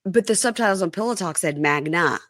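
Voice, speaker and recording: A chatty woman podcast host with a lower voice, talking casually and playfully to her listeners. Her voice is close and dry, with no room sound around it. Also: lively intonation, a little fast, fairly bright tone, no echo. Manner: chatty, playful, addresses listeners as "you guys". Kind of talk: casual reality TV podcast chat and host-read ad.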